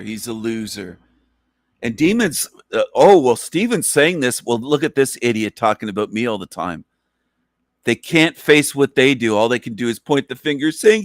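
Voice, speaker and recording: Scornful ranting man, slow and dry. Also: mid-range voice, no room sound. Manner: scornful, insulting, repeats phrases over and over. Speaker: channel host reacting to a clip. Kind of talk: ranting video commentary.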